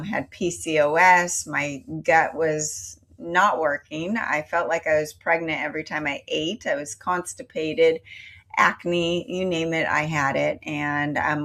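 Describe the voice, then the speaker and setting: Mujer de mediana edad, voz algo grave, contando su historia con convicción. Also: female voice, lowish voice, fairly bright tone. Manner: earnest, storytelling, with fillers. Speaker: company founder. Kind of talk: interview answers.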